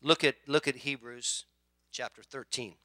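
A man preaching a sermon as pastor, telling a story with acted-out voices and swinging from quiet asides to loud shouts. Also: medium pitch, steady tone, measured pace, no echo.

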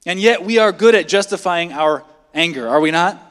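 A man's voice: high voice, normal speed, fairly bright tone, clear, resonant tone. Man, preacher, midweek sermon, conversational, rhetorical questions, long church reverb. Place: church sanctuary.

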